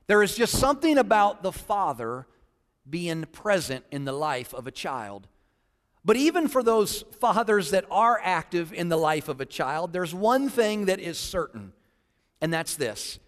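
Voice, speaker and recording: A man's voice: sits high, sing-song, measured pace, big-room sound. A man preaching a sermon, joking with the congregation, then laying out statistics earnestly. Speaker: pastor.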